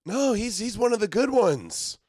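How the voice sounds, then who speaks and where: A man's voice: sits high, sing-song, normal speed, darkish tone, dry recording, studio quality. Sarcastic male livestream host. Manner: sarcastic, exasperated. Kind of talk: live commentary reacting to clips.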